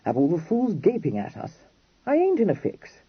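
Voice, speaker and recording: Man doing a clipped slangy regency dandy, bouncy, husky voice, dry dull sound. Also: sits high, wildly swooping pitch, normal speed, no room sound, pitched above the performer's own voice, exaggerated voice. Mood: blunt. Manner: clipped slangy phrases, dropping words. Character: mild young Regency dandy, blunt and fond.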